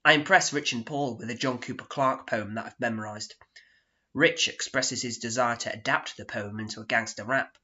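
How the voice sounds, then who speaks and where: A man performing a solo theatre monologue, narrating in a deadpan, sardonic, self-mocking way, on a dull lo-fi recording. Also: medium pitch, normal speed.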